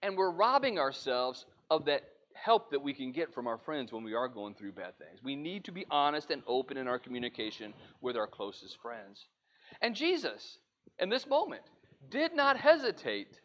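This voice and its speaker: A man's voice: fairly high pitch, big pitch swings, normal speed, a bit bright. A man giving an earnest, conversational sermon lesson to a church congregation. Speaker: preacher. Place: church auditorium.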